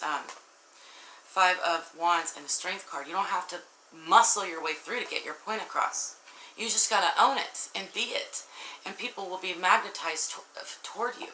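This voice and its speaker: Low-voiced woman giving an earnest tarot reading. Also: moderate pace, echoey room, a little hiss or hum, low-quality recording. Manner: earnest, warm-hearted, addresses viewers directly, emotional. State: tearful at times. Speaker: tarot reader. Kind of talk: casual tarot reading to viewers.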